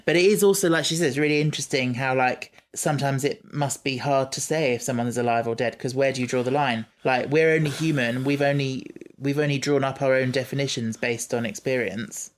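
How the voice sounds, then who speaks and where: A man's voice: mid-range voice, steady tone, brisk, few pauses. A man co-hosting a casual podcast, chatting enthusiastically and explaining things at length. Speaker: podcast co-host. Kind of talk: casual chat.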